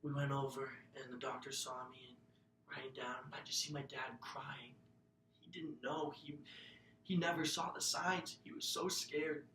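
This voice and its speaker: A young man giving an earnest, emotional personal testimony as a student speaker, often dropping to a hushed, breathy voice. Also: fairly even intonation, measured pace. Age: young adult. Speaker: student speaker telling his own story. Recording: echoey room, mic far off, faint rumble.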